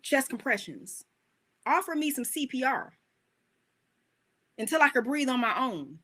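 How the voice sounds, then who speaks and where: A woman coach giving an animated, emphatic motivational talk, full of rhetorical questions. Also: high voice, measured pace.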